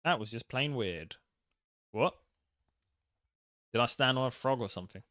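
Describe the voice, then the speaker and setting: A man's voice: mid-range voice, animated, moderate pace, bright, forceful tone, dry recording, clean studio sound. A man casually commenting on a game he is playing, joking and mocking himself as he reads the text aloud. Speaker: gaming channel host. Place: home setup, in England.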